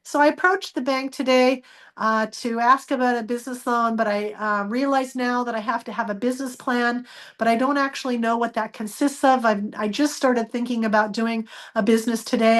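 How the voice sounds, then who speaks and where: A woman telling a personal story as a guest, acting out the dialogue with lively changes of voice. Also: on the high side, normal speed. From United States. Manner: animated, acts out quoted dialogue.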